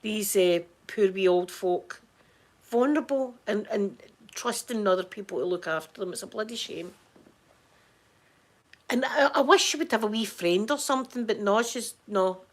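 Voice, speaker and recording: Hoarse, halting Scottish woman. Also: mid-range voice. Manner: halting, repeats words and restarts often. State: hoarse from crying. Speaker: vlogger talking to viewers. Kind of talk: casual chat.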